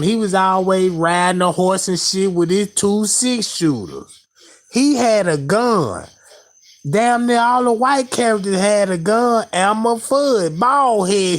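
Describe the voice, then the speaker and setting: A man giving heated, profane reaction commentary in slang, addressing his viewers directly. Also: high-pitched. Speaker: online commentator.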